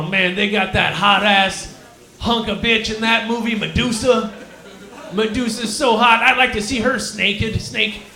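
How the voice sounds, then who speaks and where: A man putting on a crude, permanently stoned Texan cobra who drawls and rambles through a live stand-up bit. The voice sits very high and sounds bright and sharp. It rings around a roomy club room. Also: heavily acted. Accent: Texan, put on. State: claims to be high, cotton mouth. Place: comedy lounge stage, live.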